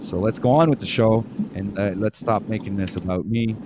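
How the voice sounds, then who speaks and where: A fairly low, slightly fast male voice with a French Canadian accent hosts a casual Canadian livestream show amid background noise. He keeps stumbling, restarting words, and making self-mocking jokes.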